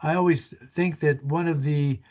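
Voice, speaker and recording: A man's voice: fairly high pitch, fairly even intonation, moderate pace, darkish tone. A man in his sixties, a small business advisor, giving a friendly, rambling webinar presentation with many fillers.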